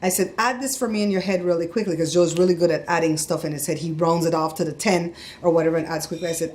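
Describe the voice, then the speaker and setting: A woman's voice: fairly low pitch, fast, few pauses, slight background noise. A middle-aged woman vlogging casually, telling a story with heat and acting out the voices of the people in it. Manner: animated, acts out quoted voices, gets heated.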